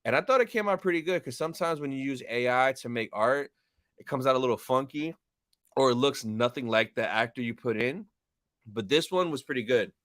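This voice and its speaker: On a live stream, a young male host reads the chat and thanks his viewers, sounding upbeat and chatty. His middle-pitched voice is smooth and clear, and he talks fairly quickly with a slightly bright tone. The recording is dry and close-miked, with no echo.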